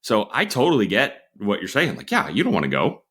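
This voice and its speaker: Casting: low-voiced American male co-host, sarcastic, riffing. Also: huge pitch swings, fairly quick, a bit bright, slightly rough. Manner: wry, sarcastic asides. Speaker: podcast co-host. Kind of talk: casual comedic chat.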